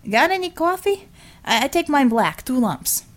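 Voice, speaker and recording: A woman's voice: high voice, very animated, normal speed, pitched above the performer's own voice. Woman playing a cocky male builder. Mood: brash. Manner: folksy, swaggering, slangy. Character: brash middle-aged male builder, cocky, chauvinist. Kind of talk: audiobook character voice.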